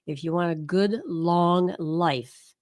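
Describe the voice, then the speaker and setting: Middle-aged female co-host, encouraging and affirming, lowish voice, dry sound. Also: slow, darkish tone, no echo. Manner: encouraging, lots of short affirmations. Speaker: podcast co-host. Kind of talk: casual chat.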